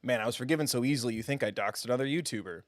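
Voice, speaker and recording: A man's voice: medium pitch, very fast, no echo, clean studio sound. A man streaming a game live, chatting casually with his viewers in a self-deprecating, giggly way.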